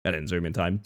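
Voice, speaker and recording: Animated, playful male streamer. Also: mid-range voice. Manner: playful, excitable, talks to chat. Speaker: livestreamer. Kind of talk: casual live-stream chat.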